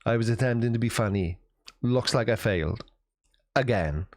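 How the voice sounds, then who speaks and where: A man's voice: medium pitch, brisk. Male streamer, dry self-deprecating humor, casual chat with viewers, mid-range voice. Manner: wry, self-mocking banter. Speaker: livestream host reading chat.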